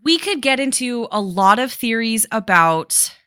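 Bright-voiced woman recapping a film. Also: on the high side, big pitch swings, measured pace, clean tone, no room sound, clean studio sound. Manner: explains at length, recounts scenes play-by-play. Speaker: podcast co-host. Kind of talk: casual movie discussion.

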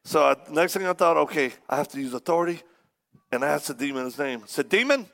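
A man's voice: fairly high pitch, fast talker, vocal fry. A man preaching to a church congregation, telling a story with humor and acting out the people in it. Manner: animated, acts out the people in his stories. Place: church service before a congregation.

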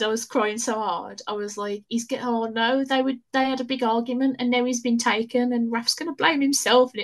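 A woman, chatting excitedly on a podcast and laughing often. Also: fairly high pitch. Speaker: podcast guest. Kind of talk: casual chat.

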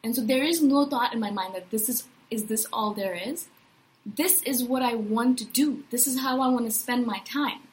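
A woman in her thirties giving a casual personal monologue as a podcast host, enthusiastic and animated, often tagging her points with "right?". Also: on the high side, brisk, few pauses, rough recording. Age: 30s.

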